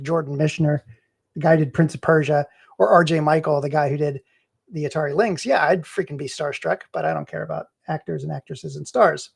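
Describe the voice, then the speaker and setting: Gravelly, husky middle-aged man, hiccuping, rambling live-stream gamer chat. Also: a little high, a little mellow. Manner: rambling and chatty, laughs often. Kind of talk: casual live-stream chat while gaming.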